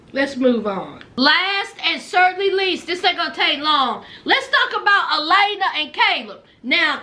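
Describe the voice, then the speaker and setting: A woman, tipsy, recapping a reality show in a casual, animated storytelling way, acting out what people said. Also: very high-pitched. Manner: animated storyteller, acts out quotes, laughs. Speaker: recap commentator.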